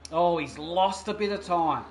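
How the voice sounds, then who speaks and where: A man commentating a sim racing qualifying session, excitable and rambling with fillers. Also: sits high, measured pace. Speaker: race commentator. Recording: noisy background of engine sounds. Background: racing car engine noise.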